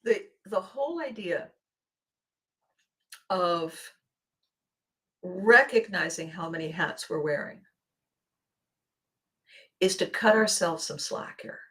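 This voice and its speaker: Playful, animated Canadian woman hosting a podcast. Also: lowish voice, slow, long pauses. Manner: animated and playful, laughs often, acts out little quoted exchanges. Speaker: podcast host. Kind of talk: solo motivational podcast talk.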